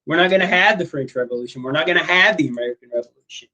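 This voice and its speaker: A man's voice: a little high, racing, sharp tone, low-quality recording. A man teaching a history class in a casual, joking way, with many fillers and asides. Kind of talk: classroom lecture.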